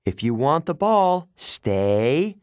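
A man's voice: fairly high pitch, big pitch swings, slow pace, no room sound, studio quality, pitched above the performer's own voice. A man reading an audiobook, voicing a confident young girl who gives firm, commanding orders. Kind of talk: audiobook character voice.

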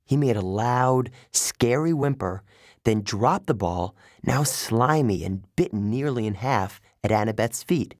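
A man's voice: mid-range voice, no echo. Man narrating an audiobook, dry sound. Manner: steady, measured storytelling. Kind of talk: scripted first-person narration.

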